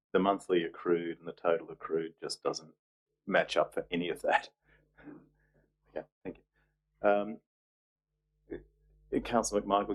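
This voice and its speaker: A man chairs a council meeting as mayor, with a very low voice that barely moves in pitch. He runs through agenda items in a businesslike way and adds dry asides. A faint hum sits behind him. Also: low-quality recording.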